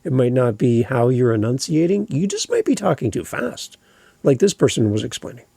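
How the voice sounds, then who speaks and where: A man's voice: medium pitch, wildly swooping pitch, moderate pace, vocal fry, warm tone, breathy edge, dry recording. A Canadian man hosting a podcast, speaking in a conversational, opinionated way. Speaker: podcast host. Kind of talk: casual podcast talk.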